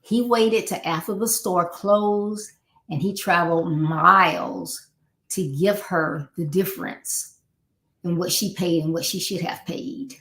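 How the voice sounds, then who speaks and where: A woman's voice: on the low side, slow, a bit bright. A woman life coach giving a motivational live talk in a conversational way, repeating her key points and acting out the people she quotes. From Florida. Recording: echoey room.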